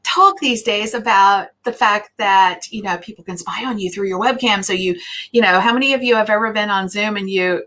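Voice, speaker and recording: A middle-aged woman from the United States hosts a live online show in an effusive, chatty way. Her speech is loose and full of filler words, and she warmly greets the people watching. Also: medium pitch. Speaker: host.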